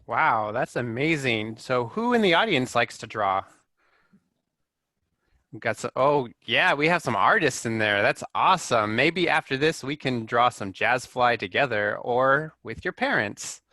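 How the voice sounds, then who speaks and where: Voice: mid-range voice, lively intonation, a little slow, sharp tone, no room sound, studio quality. A host running a virtual storytime for children over a video call, upbeat and encouraging with the audience. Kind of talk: hosting a virtual event for children.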